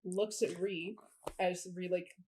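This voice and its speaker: A woman's voice: on the low side, steady tone, slow pace, mellow, a little hiss or hum, low-quality recording. A woman co-hosting a casual book discussion, chatting and spinning theories with lots of "like" fillers. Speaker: book podcast co-host.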